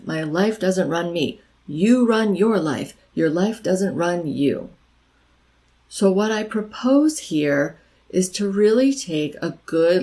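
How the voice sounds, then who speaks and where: A woman's voice: fairly low pitch, a little mellow, poor audio. A middle-aged woman giving encouraging, conversational advice straight to the camera, repeating her key phrases for emphasis. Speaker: life coach vlogger. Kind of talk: direct-to-camera advice talk.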